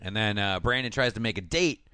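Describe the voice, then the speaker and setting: A man casually recapping a TV episode, animated and acting out the characters' lines. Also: fairly low pitch, brisk, smooth, dry recording. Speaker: podcast host recapping a TV episode. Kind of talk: casual chat.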